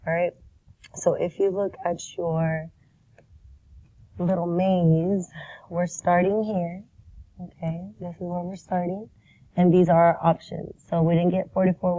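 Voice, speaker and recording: A woman with a sick, worn voice teaching a math lesson from a dull lo-fi recording. Her tone is low, mellow and fairly flat. She walks through each step patiently, checking in with "right?" as she goes. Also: no room sound. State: sick, rough voice.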